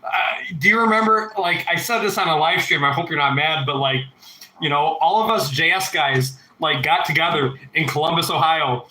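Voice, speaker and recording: Swearing, rambling livestream host in an echoey room. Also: male voice, a little high, moderate pace, bright, forceful tone. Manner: rambling, heavy swearing, reads chat aloud. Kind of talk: casual livestream chat.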